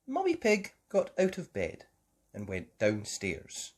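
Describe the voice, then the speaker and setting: A woman reading a children's picture book aloud in a slow, expressive way. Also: a bass voice. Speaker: children's story reader. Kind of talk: storybook read-aloud.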